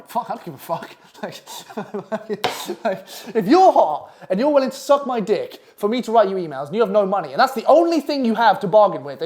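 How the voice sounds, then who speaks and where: A man's voice: high voice, darkish tone. A young man teaching copywriting in a blunt, crude, constantly swearing casual manner. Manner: crude, blunt and swearing constantly, acting out clients in quick asides. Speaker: copywriting coach. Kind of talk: profane casual masterclass talk.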